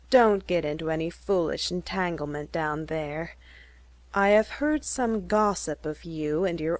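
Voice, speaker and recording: A worldly society woman's letter , read aloud by a woman, brisk and confiding, with a knowing lift on its advice. The reading is unhurried and dry, close to the mic. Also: on the low side, dry recording.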